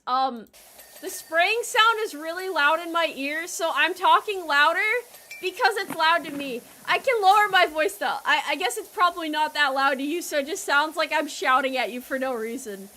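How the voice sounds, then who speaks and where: Bright high-voiced woman streamer. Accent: American. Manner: playful, loud and teasing with chat, trailing into quiet mock apologies. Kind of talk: casual game stream chat.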